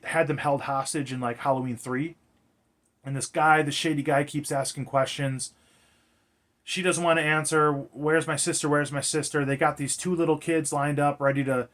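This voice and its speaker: A man's voice: fairly high pitch, a bit bright. A man recapping a film in a casual, rambling way, swearing freely and leaning on fillers. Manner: rambling, profane, filler-heavy. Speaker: movie reviewer.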